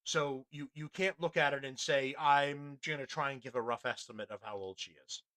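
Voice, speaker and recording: A man's voice: mid-range voice, steady tone, normal speed, sharp tone. A man hosting a podcast, commenting casually and bluntly on a news clip, with frequent restarts and swearing. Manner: rambling, blunt, profane, many restarts. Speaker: podcast host.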